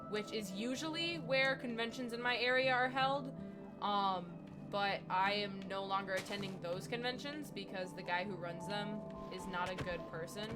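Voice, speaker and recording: A young woman from the US Midwest chatting casually on a gaming live stream, rambling through stories and talking to game animals as she plays. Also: mid-range voice.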